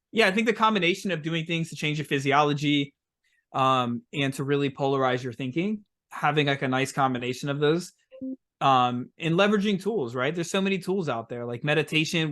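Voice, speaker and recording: A man talking as a podcast guest in a relaxed, rambling way, with lots of "like" and "um". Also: medium pitch. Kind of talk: casual interview chat.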